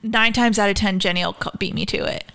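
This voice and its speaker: Bright, smooth-voiced woman co-hosting at home. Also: medium pitch, fairly even intonation, fast. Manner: chatty, emphatic, uses "y'all". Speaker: guest co-host. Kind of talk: casual chat. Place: home kitchen.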